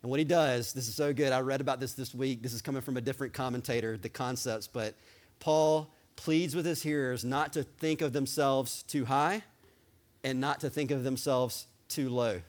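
A man preaching a sermon as pastor, talking with excited energy that rises at times into yelling. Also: medium pitch, moderate pace.

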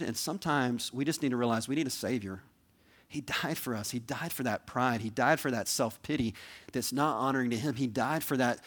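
Earnest man preaching, pleading and conversational. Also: mid-range voice. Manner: earnest, pleading, conversational with frequent "right?" and "okay?". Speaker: pastor. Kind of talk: sermon.

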